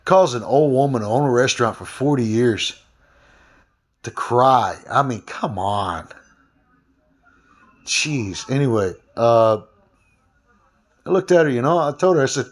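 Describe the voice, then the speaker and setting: Brief: man, mid-pitch, rambling aggrieved vlog rant. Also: animated, normal speed, pauses often. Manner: rambling, frequent fillers and restarts. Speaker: former delivery driver.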